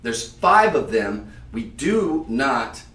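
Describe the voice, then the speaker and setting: A man's voice: medium pitch, big pitch swings, slow, fairly bright tone, echoey room, recorded from a distance. Chatty male shopping-channel salesman. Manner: chatty, emphatic salesman addressing viewers directly. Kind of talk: live-stream jewelry sales pitch.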